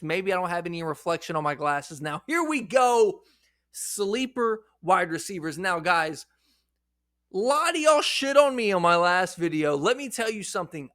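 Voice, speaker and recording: A man's voice: sits high, pushed and bright, dry recording, studio quality. A man talking fantasy football straight to his viewers, blunt and profane, his voice a bit shaky after hours of hiccups. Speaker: fantasy football content creator. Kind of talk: casual fantasy football talk to camera.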